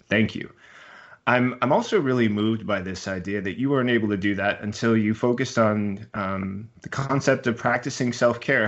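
A man interviewing a guest, speaking in a measured, reflective way and telling stories. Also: on the low side. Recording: dull lo-fi recording.

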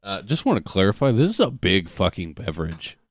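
A man's voice: deep voice, big pitch swings, fairly quick, dry recording, studio quality. A man of twenty-five, a podcast co-host trading casual, teasing, profane banter over drinks.

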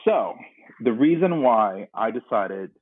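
Husky low-voiced man on a phone-like line. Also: lively intonation, takes it slowly, no echo. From North Carolina, US. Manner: earnest, reflective, retells scenes. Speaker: podcast guest. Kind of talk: personal storytelling in conversation. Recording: dry, narrow phone-like line.

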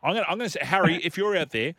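A man's voice: high voice, lively intonation, rapid-fire, pushed and bright, slight background noise. An Australian man co-hosting a radio show, playfully prodding a colleague. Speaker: radio host. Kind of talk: casual radio banter. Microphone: studio microphone.

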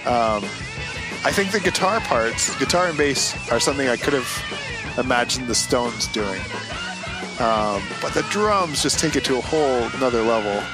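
A man of middling pitch co-hosting a casual podcast. He talks in an easygoing, hesitant way, full of fillers. Music plays clearly beneath his voice. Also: animated, moderate pace. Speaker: podcast co-host. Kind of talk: casual chat. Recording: music clearly playing underneath.

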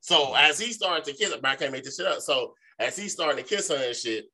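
A man co-hosting a podcast, telling a long, profane story in a loose, animated way, full of filler phrases. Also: fairly high pitch, fast talker. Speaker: podcast co-host. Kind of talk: casual storytelling.

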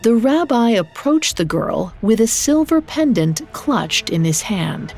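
A woman narrating a scripted story in a measured, steady reading. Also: on the high side, over music.

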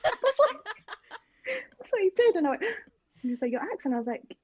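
A British woman from London, a podcast guest, telling stories in casual chat with quick giggles. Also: very high voice, big pitch swings, darkish tone, no echo.

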